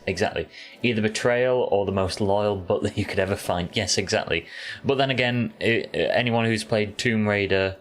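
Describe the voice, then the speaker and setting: Deep-voiced gaming streamer. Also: male voice, moderate pace, soft background music. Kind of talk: casual commentary while playing.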